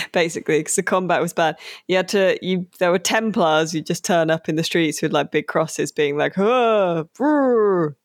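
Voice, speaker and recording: A podcast co-host chatting casually about a game, rambling with many fillers and slowing down on key words. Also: medium pitch, steady tone, dry recording, clean studio sound.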